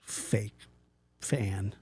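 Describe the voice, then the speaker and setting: A man hosting a casual livestream, talking to his chat in a rambling, animated way, often stopping and restarting. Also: on the low side, drawn-out words, breathy edge, no room sound. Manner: animated, rambling, self-interrupting, mimics voices in quotes. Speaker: livestream host reading chat.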